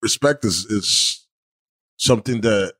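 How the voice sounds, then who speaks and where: A man's voice: fairly low pitch, slow, fairly bright tone. A man hosting a podcast in casual chat, talking frankly and profanely and often asking "you know what I'm saying". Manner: frank, preachy when giving advice. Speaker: podcast host.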